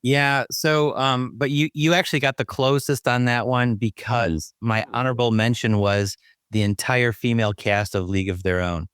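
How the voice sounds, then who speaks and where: A man's voice: mid-range voice, steady tone, normal speed, a bit bright, smooth, no room sound, studio quality. A man co-hosting a podcast, chatting casually in a playful, self-deprecating way and laughing easily. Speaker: podcast co-host. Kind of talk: casual chat.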